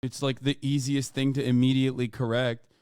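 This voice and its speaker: A male livestream host giving animated, profane reaction commentary over a played clip. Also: medium pitch, brisk, clean tone, no echo, studio quality.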